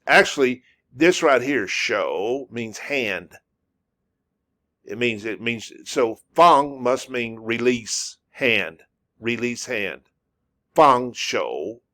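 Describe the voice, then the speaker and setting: Slow, patient male language teacher. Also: medium pitch, fairly bright tone. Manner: drills words over and over, patient. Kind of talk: slow, repetitive language lesson.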